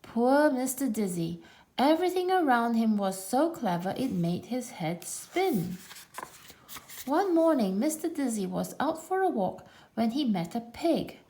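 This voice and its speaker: A woman reading a children's story aloud in a playful, expressive way. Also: fairly high pitch, a little slow.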